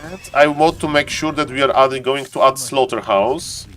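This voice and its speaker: A young man streaming and commenting on a strategy game replay, excitable, talking to chat in non-native English and tripping over words. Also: medium pitch, normal speed. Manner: excitable, talks to chat, keeps saying "ladies and gentlemen".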